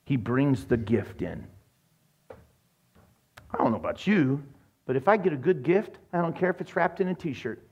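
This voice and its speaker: A man's voice: fairly high pitch, measured pace, long pauses, slightly rough, lo-fi sound. A man preaching a sermon as pastor, telling jokey stories and acting out other people's voices. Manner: animated, joking storyteller, acts out voices.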